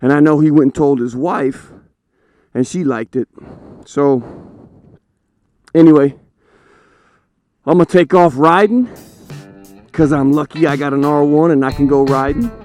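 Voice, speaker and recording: A man motovlogging from his motorcycle, chatting casually in an unhurried way and telling a joke into a helmet camera mic. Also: on the high side, darkish tone, soft background music. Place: outdoors on a motorcycle. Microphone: helmet-mounted camera mic.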